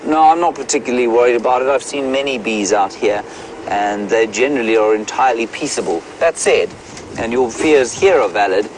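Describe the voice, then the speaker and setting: A middle-aged man with a mid-range voice answers viewer questions live from the bush. He talks as a safari guide, and his manner is chatty, wry and wordy. A faint outdoor hum runs behind him. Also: medium pitch.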